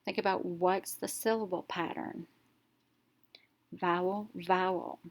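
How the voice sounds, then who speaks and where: A woman teacher narrating a reading lesson, explaining each step slowly and clearly in an instructional voice-over. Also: on the low side, steady tone.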